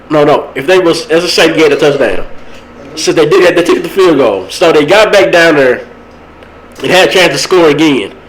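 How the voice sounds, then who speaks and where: A young man, hosting a podcast and rambling about a local high school football game. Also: rough recording. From Texas. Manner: rambling, animated, laughs at his own stories. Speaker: podcast host. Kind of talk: casual sports talk.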